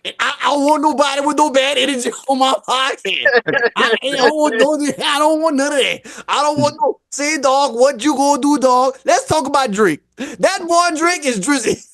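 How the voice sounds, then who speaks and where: A man hosting a podcast in casual banter, an animated storyteller who laughs often and repeats his words. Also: very high-pitched, normal speed. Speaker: podcast host.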